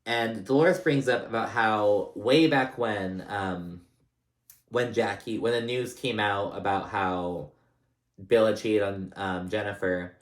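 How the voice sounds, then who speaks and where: A man talks slowly in a lower voice, loosely recapping a reality TV episode with lots of fillers and restarts. The funny scenes bring out his animation, and the recording has a roomy echo.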